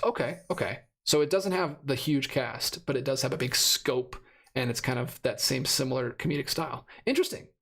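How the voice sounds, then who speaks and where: A man in his thirties hosting a casual live stream, rambling and correcting himself as he reads out chat comments, his voice a little worn. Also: medium pitch. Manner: rambling, self-correcting, laughs often. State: losing his voice. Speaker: host of a live stream about movie releases.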